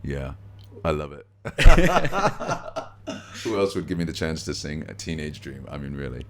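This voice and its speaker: A middle-aged actor, a guest in an interview, telling stories in a relaxed way with easy laughs, recorded backstage at a theatre. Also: male voice, extremely low pitch, measured pace, crowd noise. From United States. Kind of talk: conversational interview.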